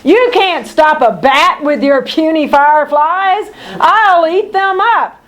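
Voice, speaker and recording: A woman's voice: sits high, lively intonation, slow pace, fairly bright tone, pitched above the performer's own voice, full character voice. A woman reading a storybook aloud, voicing a gleeful bat who squeals, screeches and cackles "hee, hee". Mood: gleeful taunting.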